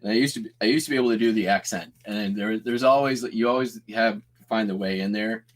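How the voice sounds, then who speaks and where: Rambling lower-voiced male stream host. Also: very fast. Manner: rambling, self-interrupting, laughs often. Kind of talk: casual live-stream chat.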